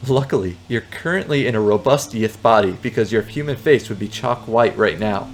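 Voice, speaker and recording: A man's voice: lowish voice, lively intonation, moderate pace, few pauses, slight background noise. A man reading a text adventure game aloud, with playful joking asides. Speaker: game narrator.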